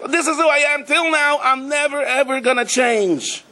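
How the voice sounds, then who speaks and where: A man voicing a self-pitying, hapless grown man who wails that he will never change, in a high, strained voice within a spoken lesson. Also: normal speed, pushed and bright, a little hiss or hum. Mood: whiny, resigned. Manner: high, wailing and resigned.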